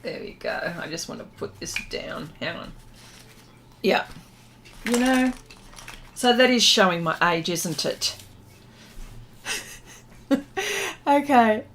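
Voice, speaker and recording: A woman's voice: on the low side, lively intonation, measured pace, long pauses, a bit bright, slight background noise. A middle-aged woman hosting a casual art livestream, chatting, reading viewer comments aloud and laughing often. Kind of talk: casual livestream chat while painting.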